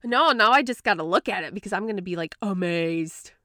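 Woman podcast host, super bright crisp voice, dry close sound, swears a lot. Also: medium pitch, very fast, no echo. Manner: animated storyteller, swears freely. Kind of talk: casual chat.

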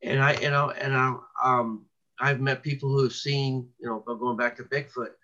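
A man's voice: medium pitch, flat delivery, moderate pace, sharp tone, muffled recording. A man being interviewed as a researcher, telling long stories in a rambling way, with many restarts and fillers. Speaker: cryptid researcher guest. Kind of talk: casual interview talk.

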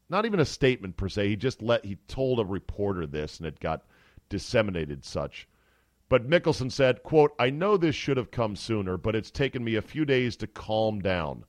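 A man hosting a sports talk podcast, giving casual, sarcastic and animated commentary. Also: on the low side, dry recording. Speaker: podcast host. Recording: dry close studio sound.

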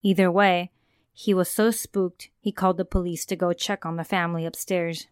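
Woman podcast host telling scary tales, smooth and dry-miked, calm and conversational. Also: on the low side, moderate pace, no room sound. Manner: calm storyteller who asks the listener questions. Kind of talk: scripted narration of a horror story.

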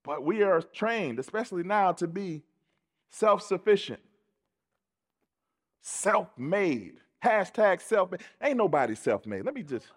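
Man, pastor, preaching, emphatic, repeats lines, laughs between points, higher-pitched, echoing church. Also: big pitch swings, measured pace. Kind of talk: sermon. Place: church pulpit.

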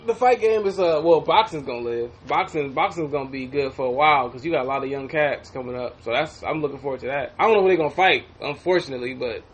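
A man co-hosting a podcast in casual banter, profane and animated, often laughing and acting out quotes from others. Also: mid-range voice, quick pace, hardly any pauses, slightly rough. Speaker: podcast co-host.

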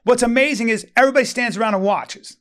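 A man's voice: extremely high pitch, quick pace, a bit bright. A man chatting casually, telling a rambling, profane story with lots of restarts. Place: Venice, Los Angeles resident.

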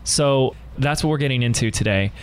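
A man's voice: mid-range voice, a little fast, clear, resonant tone. A man hosting a business podcast from a studio, talking in an enthusiastic, emphatic and playful way. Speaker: podcast host. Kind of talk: upbeat podcast interview.

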